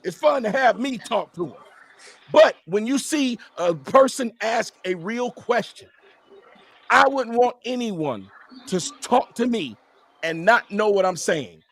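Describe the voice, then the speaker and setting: A man with a high-pitched voice argues his case on a live-stream panel. He is emphatic and combative and keeps pressing his point, sometimes rising to a shout. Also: animated, measured pace. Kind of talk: heated live-stream debate.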